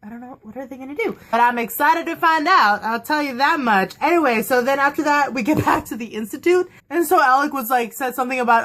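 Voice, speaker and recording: A young woman chatting casually on her vlog, excitable and quick to laugh, acting out quotes as she goes. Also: high voice. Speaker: vlogger reviewing a TV episode. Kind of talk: casual chat.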